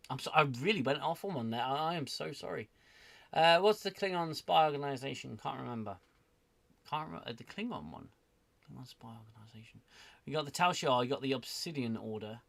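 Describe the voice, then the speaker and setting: A man's voice: medium pitch, lively intonation, a little fast, gravelly, fairly bright tone. A man hosting a casual livestream chat, rambling and self-deprecating, apologizing often as he reads viewer comments. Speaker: livestream host.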